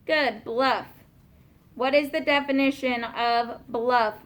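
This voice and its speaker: A woman teaching a class of young students, patiently asking questions and slowing down to spell out and explain words. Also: fairly high pitch, steady tone.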